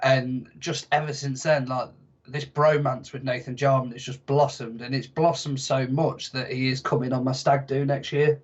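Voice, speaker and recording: A young man chats easily on a podcast, spinning jokey, self-mocking stories. His voice sits at a middling pitch, and the recording sounds a little dull. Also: flat delivery, moderate pace. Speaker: podcast guest. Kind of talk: casual podcast chat.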